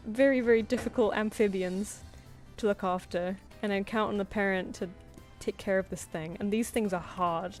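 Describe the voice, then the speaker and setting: A young woman streams live commissions as an artist, chatting casually with a medium-pitched, darkish voice over faint music. She's chatty and giggly, sharing anecdotes, laughing often, and acting out quoted voices.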